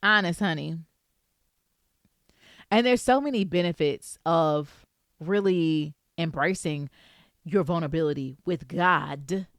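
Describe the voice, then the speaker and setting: A woman vlogger giving a casual faith talk, lively and playful, speaking straight to the viewer. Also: deep voice, slow, long pauses, no echo, studio quality.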